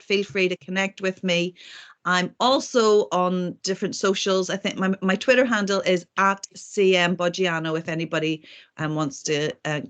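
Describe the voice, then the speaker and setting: Woman presenter on a video call; chatty, self-mocking, fills pauses with ums. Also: on the low side, fairly bright tone. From not from Manchester. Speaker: host and speaker.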